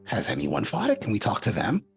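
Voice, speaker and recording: A woman's voice: very deep voice, huge pitch swings, a little fast, vocal fry, soft background music. A woman playing a tabletop game with friends, chatty and full of questions. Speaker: player. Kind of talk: casual tabletop game chat.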